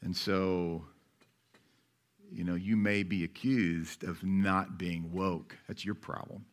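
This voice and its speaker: A man preaching a sermon as pastor, talking in a conversational, wry way that swings between loud and soft. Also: low-pitched, level tone, slow.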